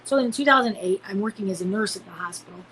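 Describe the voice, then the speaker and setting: A woman in her forties from Illinois, a podcast guest telling a personal story with many ums and restarts, her voice jumping up when she acts out the shouts in it. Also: medium pitch, quick pace, slight background noise, poor audio. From Illinois, USA. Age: 40s.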